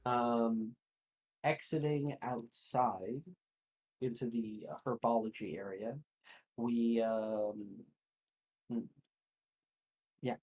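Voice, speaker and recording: A game master narrating a tabletop role-playing game, halting and filled with ums, uhs and likes. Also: medium pitch, steady tone, darkish tone, rough recording.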